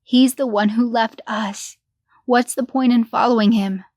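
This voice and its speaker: A woman's voice: on the high side, steady tone, a little slow, a little mellow, dry recording, clean studio sound, close to an everyday voice. A woman voicing a desperate middle-aged mother in a horror story reading, pleading and strained.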